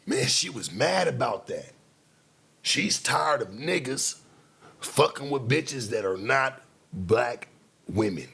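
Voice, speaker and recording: A man hosting a late-night show, talking in a blunt, profane casual monologue with sudden loud outbursts. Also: medium pitch, expressive, takes it slowly, gravelly, slightly rough.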